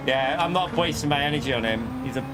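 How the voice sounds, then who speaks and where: A man streaming a racing game, ranting indignantly at chat between frequent laughs. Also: mid-range voice. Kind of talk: live racing game commentary. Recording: noisy with car engine sounds.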